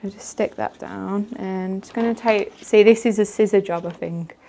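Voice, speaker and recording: A soft-spoken woman, casually demonstrating card making and laughing easily. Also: mid-range voice, fairly even intonation, moderate pace, vocal fry, slight background noise.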